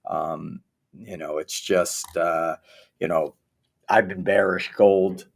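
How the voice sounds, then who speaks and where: A man's voice: low-pitched, fairly even intonation, slow pace, gravelly. A man co-hosting a trading show, talking markets in a candid, rambling way with many fillers and some teasing. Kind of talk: casual market chat.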